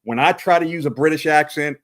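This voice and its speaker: A man's voice: fairly high pitch, fairly quick, fairly bright tone. A man with an East Texas accent hosting a live chat show, rambling with lots of fillers and restarts. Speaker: host.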